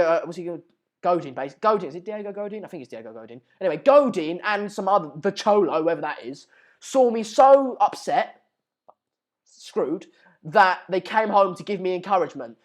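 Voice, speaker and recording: Reacting to transfer news as it breaks, this young football channel host speaks in a high-pitched voice. His delivery is excitable, full of rants and mockery.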